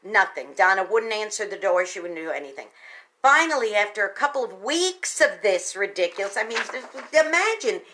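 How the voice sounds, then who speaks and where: Bright-voiced woman telling a story. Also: medium pitch, moderate pace, rough recording. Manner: expressive, retells dialogue with lively emphasis; folksy, addresses listeners directly. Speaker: radio station general manager. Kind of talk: storytelling radio talk segment.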